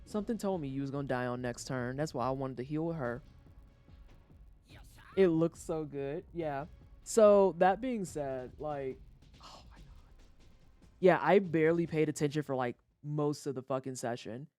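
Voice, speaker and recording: A livestreamer chatting casually over a video game, joking and swearing, with sudden high-pitched outbursts. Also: normal speed, dark tone, faint music behind. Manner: chatty storytelling aside while playing. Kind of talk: casual gameplay commentary.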